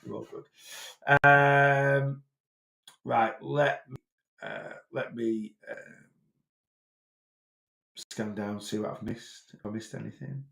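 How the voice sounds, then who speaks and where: A man's voice: medium pitch, animated, slow pace, gravelly, long pauses, a bit bright, reverberant. A man from Blackpool with a Lancashire accent, answering viewer questions live as a weight loss coach in a chatty, rambling way full of fillers and restarts. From Blackpool, England.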